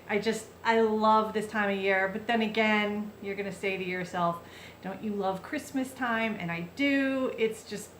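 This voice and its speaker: A woman's voice: medium pitch, a bit bright, reverberant, a little hiss or hum. A woman vlogger telling a heartfelt personal story in a chatty, casual way, full of fillers and restarts.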